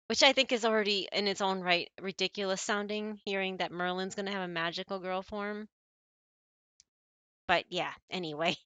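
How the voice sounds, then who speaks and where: An American woman from the United States streams and chats casually with her chat in a mid-range, sharp voice that's clear and resonant, with no room sound and the highs cut off. She's giggly and apologetic, laughing often and rambling with lots of fillers.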